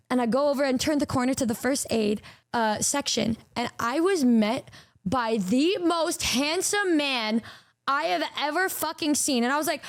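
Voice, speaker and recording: Young streamer girl, high voice, chatty and animated, swears a lot, dry close mic. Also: no room sound. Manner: animated, swearing, stammering, quick restarts. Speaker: VTuber streamer. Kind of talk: casual storytelling to stream chat.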